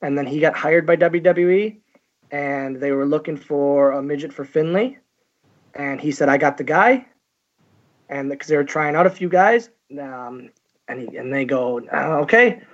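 A man's voice: a little high, fairly even intonation, dull audio. A man, a guest, telling stories in a casual interview with many fillers and restarts. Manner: halting, lots of fillers and restarts, chuckles. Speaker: guest, professional wrestler.

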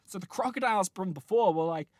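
Rambling, animated man telling a story. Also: high voice, quick pace, no echo, clean studio sound. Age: late 20s. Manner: rambling, animated, laughing, many restarts. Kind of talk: casual chat, dream storytelling.

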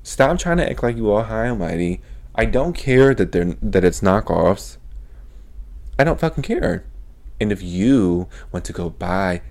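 Deep-voiced man ranting, swearing nonstop. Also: a little slow. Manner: profane, animated, swears constantly. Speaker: podcast host. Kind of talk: casual storytelling rant.

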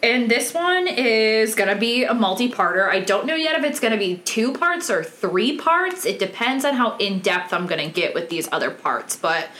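A woman's voice: a little high, sing-song, normal speed, hardly any pauses, a bit bright. A woman hosting a true crime podcast, telling the case in a candid, casual way with many ums. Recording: roomy echoey room.

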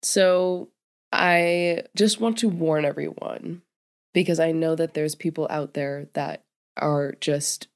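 A young woman hosts her own podcast alone at home, her deep voice steady and slow-paced. A cold leaves her sounding congested and nasal, and she rambles candidly through this casual solo monologue, full of fillers and laughter.

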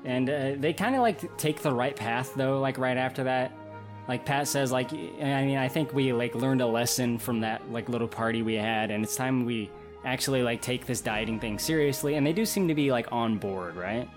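A man's voice: mid-range voice, normal speed, music in the background. A man co-hosting a casual movie podcast, talking loosely with many fillers and casual swearing. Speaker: podcast co-host.

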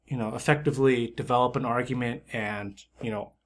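A man's voice: medium pitch, steady tone, brisk. A man co-hosting a casual podcast, rambling through stories and teasing his co-host with frequent laughs. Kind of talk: casual chat.

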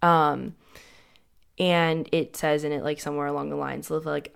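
A woman's voice: low-pitched, fairly even intonation, moderate pace, creaky, clear, resonant tone. A young woman telling a painful personal story in a casual way, saying "like" often and restarting her sentences. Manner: casual, heavy use of "like", frequent restarts.

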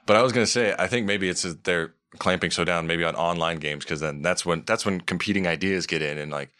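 Young man, podcast co-host, very low voice, relaxed and dry. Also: brisk, smooth. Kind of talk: casual chat.

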